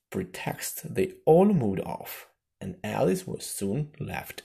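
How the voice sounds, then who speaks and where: A man narrating a classic storybook aloud, slow and expressive. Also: lowish voice, gravelly, breathy edge. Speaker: audiobook narrator.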